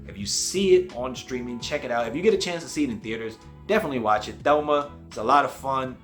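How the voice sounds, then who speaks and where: A man's voice: medium pitch, a bit bright, faint music behind. A man hosting a casual movie review, retelling the plot and briefly acting out the characters' lines. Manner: acts out quoted characters with quick voice changes.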